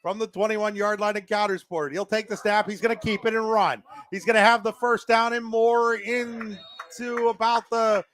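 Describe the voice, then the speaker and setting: A man calling live high school football play-by-play, with quick, excitable calls and frequent fillers. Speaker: play-by-play announcer.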